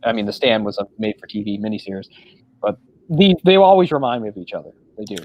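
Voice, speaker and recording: A man's voice: on the low side, big pitch swings, fast, highs cut off. A man co-hosting a casual film discussion podcast, talking in a rambling way with many fillers. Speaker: podcast co-host.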